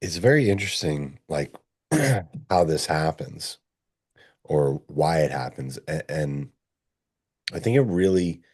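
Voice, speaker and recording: A man's voice: rumbling low, expressive, slow pace, long pauses, a little mellow. A man hosting a conversation, reflecting thoughtfully and searching for his words.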